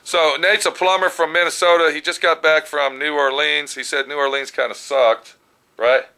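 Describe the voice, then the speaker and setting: A man's voice: fairly high pitch, flat delivery, normal speed, bright, forceful tone, roomy sound. A man hosting a casual chat show, talking in a folksy, joking, talkative way. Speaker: show host.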